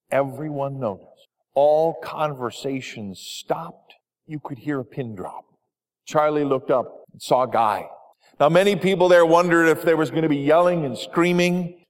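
Man, slightly high voice, sermon storytelling, gentle, long hall reverb. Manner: storytelling, gentle, quiet dips for dialogue.

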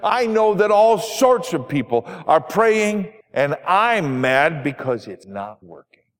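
A preacher putting on a frail old woman near death, sharp and bitter in her complaints. Her voice sits fairly high and carries a long hall reverb. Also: big pitch swings, slow pace. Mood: resigned. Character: frail dying older woman, bitter and frustrated.

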